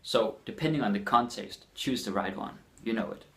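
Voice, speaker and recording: Danish man teaching phrases slowly. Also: on the low side. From Denmark. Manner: slows down and repeats phrases for learners. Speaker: language teacher. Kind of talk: casual spoken lesson.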